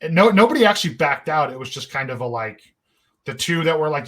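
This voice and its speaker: A man's voice: a little high, lively intonation, fast, a bit bright. A young man hosting a podcast, telling a long story in a rambling, profane, laid-back way. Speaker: podcast host. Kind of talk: casual storytelling chat.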